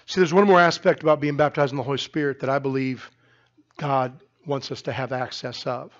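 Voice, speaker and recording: A male pastor preaching a sermon in a church, telling stories in an animated way with frequent restarts. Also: medium pitch, a little fast, dull audio. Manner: animated storytelling with many restarts. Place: church sanctuary.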